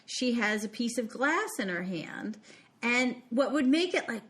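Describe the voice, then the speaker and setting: A woman's voice: on the high side, a little slow, slightly rough. A woman co-hosting a podcast, chatting casually about a movie, laughing often and saying "like" a lot. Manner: lively, laughing, frequent "like". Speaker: podcast co-host. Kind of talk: casual movie review chat.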